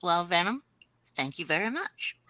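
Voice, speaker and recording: A woman reacting in casual chat, slow and expressive. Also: on the low side, no echo.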